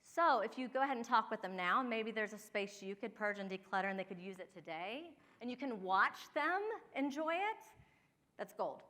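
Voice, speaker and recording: A woman in her forties from Ohio gives a workshop talk, chatting and laughing as she speaks straight to the room. Her voice sits fairly high and sounds sharp and bright. A long reverb trails behind every sentence. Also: expressive, moderate pace. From Ohio, USA. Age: 40s. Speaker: downsizing and home organizing expert. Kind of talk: workshop talk with personal stories.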